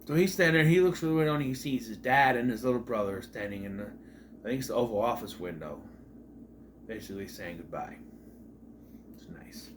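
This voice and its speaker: A man's voice: mid-range voice, brisk, long pauses, slight background noise. Rambling exasperated man reviewing an episode. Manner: rambling, exasperated, swears, restarts often. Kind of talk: casual spoken review.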